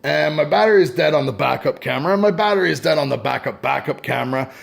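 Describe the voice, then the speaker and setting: A man's voice: on the high side, expressive, quick pace, vocal fry, slightly rough. A Canadian man rambling sarcastically and swearing freely in a casual vlog, recorded on a phone. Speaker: vlogger. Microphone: phone camera.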